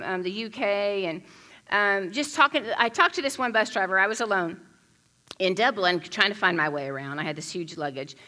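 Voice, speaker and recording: A woman from the United States giving a conversational sermon, animated and chatty, telling stories with frequent restarts. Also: mid-range voice. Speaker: pastor.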